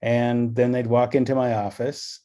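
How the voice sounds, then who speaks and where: A man's voice: medium pitch, little pitch movement, normal speed, dark tone. A middle-aged man from Los Angeles giving a training talk, telling stories and acting out the dialogue in them. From Los Angeles, California. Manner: storytelling, acts out quoted dialogue. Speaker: presenter on anti-racism. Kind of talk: recorded training session talk.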